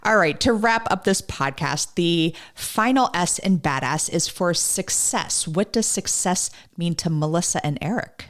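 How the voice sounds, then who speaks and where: A woman's voice: fairly low pitch, lively intonation, measured pace, few pauses. A woman hosting a podcast interview, enthusiastic and upbeat with her guests. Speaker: podcast host.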